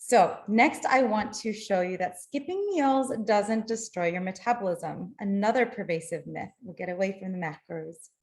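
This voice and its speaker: A woman's voice: medium pitch, normal speed, few pauses, darkish tone. A middle-aged woman presenting a webinar on nutrition, explaining in a practical way into a computer mic. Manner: explanatory, practical, apologetic when slides fail. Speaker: nutrition lecturer.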